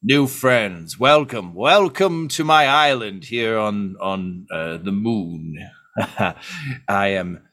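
A man's voice: lowish voice, expressive, slow, a bit bright. A man voicing a smarmy, scheming male mad scientist who talks in chummy, wheedling patter. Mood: welcoming.

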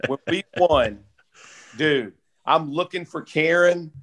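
A man in his forties telling stories with a slightly higher voice than most men. He is laid-back and heartfelt, and keeps dropping "bro" and "dude". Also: takes it slowly, a bit bright. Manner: heartfelt, close to tears. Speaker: guest, former football player. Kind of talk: casual podcast storytelling.

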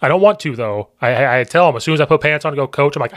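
A man from Central Illinois with a Midwestern accent, hosting a podcast in a casual, chatty way, full of restarts and quick laughs. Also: a little high, no echo, studio quality. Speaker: podcast host and football coach.

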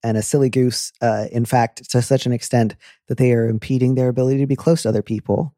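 A man hosts a casual advice chat, joking and playful as he talks things through. His voice is mellow and warm, at an ordinary middle pitch. The sound is dry and close, with no room echo. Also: fast talker. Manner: playful, jokey, animated impressions. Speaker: advice podcast host.

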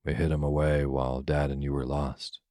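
A grown son teases and scolds in good fun, voiced by a man reading a storybook. The voice is extremely low and flat. It sounds close and dry. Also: normal speed, dry recording. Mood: teasing.

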